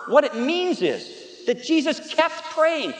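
A pastor preaching a sermon, telling stories with emphatic repetition that builds to loud peaks. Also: male voice, extremely high pitch, sing-song, slow. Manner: storytelling, with laughs and asides to the audience. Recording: echoey hall with long reverb.

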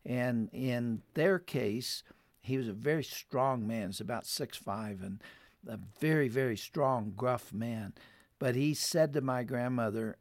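A man telling a story in a heartfelt, earnest way, in a mid-range voice. He often grows louder and more urgent as he appeals to his listeners. The recording sounds close and dry, with no room echo. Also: medium pitch, measured pace. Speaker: radio program guest.

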